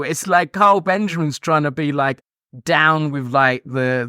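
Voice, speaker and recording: A man's voice: on the high side, measured pace, a bit bright, clean tone, no echo, clean studio sound. A man talking casually on a podcast, chatty and full of "like" fillers. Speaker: podcast host. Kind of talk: casual chat.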